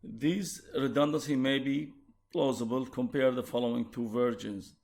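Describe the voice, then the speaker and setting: Gravelly-voiced male lecturer with an Arabic accent. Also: medium pitch, fairly even intonation, a little mellow. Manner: measured, explanatory, with restarts. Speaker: university lecturer. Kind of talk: recorded lecture on translation.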